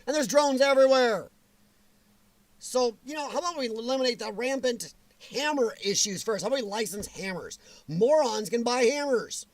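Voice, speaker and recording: Host of a home livestream: man, high-pitched, blunt, joking, dry close sound. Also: animated, moderate pace, dry recording. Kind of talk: casual livestream chat.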